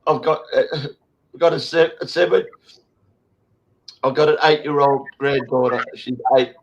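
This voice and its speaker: A man's voice: medium pitch, fairly even intonation, normal speed, vocal fry, dull audio, slight background noise. An Australian man in his sixties hosting an impassioned online chat, emotional, swearing heavily and rambling with restarts. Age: 60s. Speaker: show host.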